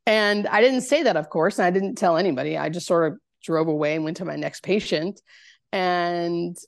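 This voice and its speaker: A woman, a hospice nurse, telling a personal story in a podcast interview, halting and searching for words with many fillers. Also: lowish voice, creaky, dry recording, clean studio sound.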